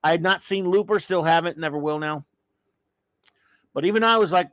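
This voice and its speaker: A man's voice: a little high, normal speed, pauses often, a bit bright, no echo. A middle-aged man hosting a casual live-stream show, ranting with exasperated sighs, rambling restarts and trailing remarks. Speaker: show host.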